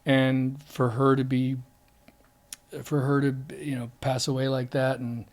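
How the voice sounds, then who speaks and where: Male actor, candid and halting interview answer. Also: medium pitch. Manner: candid, frequent restarts, drops to soft tones. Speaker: actor guest. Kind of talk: reflective interview.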